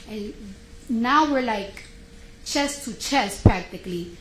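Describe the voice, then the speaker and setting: A woman testifying in court, telling her story in an animated, slangy way and acting out the quoted dialogue. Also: on the high side, normal speed. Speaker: trial witness. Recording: roomy courtroom audio with faint noise.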